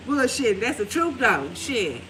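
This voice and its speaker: A woman's voice: on the high side, sing-song, a little slow, a bit bright. A woman giving a casual tarot reading at home, talking in a loose, rambling way with plenty of swearing and laughter. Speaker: tarot reader. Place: room at home. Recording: noisy home recording.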